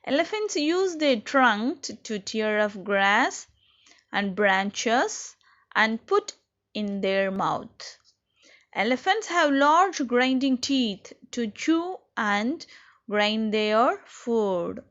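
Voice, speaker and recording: A woman teacher talks slowly and carefully to a class of young children. She puts simple questions to them and answers each one herself. The recording sounds dull and lo-fi. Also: fairly high pitch, sing-song, fairly bright tone. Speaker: schoolteacher. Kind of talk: recorded online class lesson.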